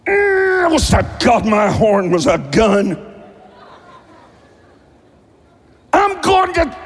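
A man voicing a furious churchgoer yelling at another driver on the way to service. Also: very high voice, long reverb tail, pitched above the performer's own voice. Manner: shouting, ranting.

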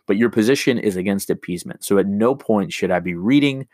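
A man's voice: on the low side, a little fast, few pauses, a little mellow, no echo, clean studio sound. A man teaching a recorded remote lesson, explaining an assignment step by step with many ums and restarts.

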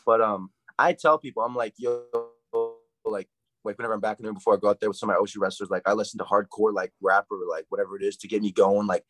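A young man, a college wrestler, chatting fast and hyped in a casual interview, rambling with lots of fillers. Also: lowish voice, steady tone, fairly bright tone, dry recording, soft background music, poor audio. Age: young adult.

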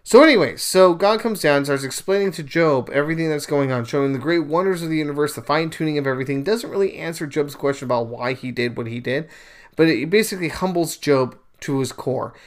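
Young male podcast host, casual storyteller, slightly high-pitched, animated delivery. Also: quick pace. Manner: animated storyteller, paraphrases scenes in bursts of raised voice. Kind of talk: casual religious commentary monologue.

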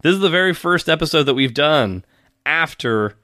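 A man's voice: a little high, animated, normal speed, pushed and bright, no room sound. A man co-hosting a podcast in casual chat, congested, with a dry teasing manner. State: congested from covid. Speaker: podcast co-host.

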